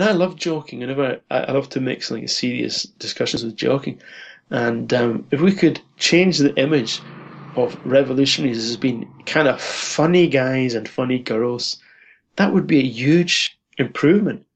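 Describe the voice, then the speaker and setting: Husky-voiced man chatting and laughing. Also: medium pitch, lo-fi sound. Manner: jokey, laughs often while talking. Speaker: podcast guest. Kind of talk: casual conversational interview.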